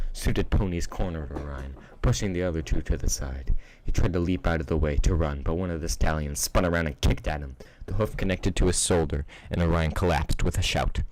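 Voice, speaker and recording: A man's voice: low voice, no room sound. A man narrating a fan-fiction story aloud, reading steadily with the odd slip. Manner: steady read-aloud with small slips. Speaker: reader.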